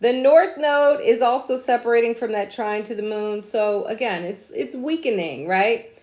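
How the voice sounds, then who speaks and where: A woman's voice: on the high side, normal speed, darkish tone. A woman hosting a casual astrology livestream, chatty and slangy, drifting into asides and laughing at herself. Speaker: astrology host.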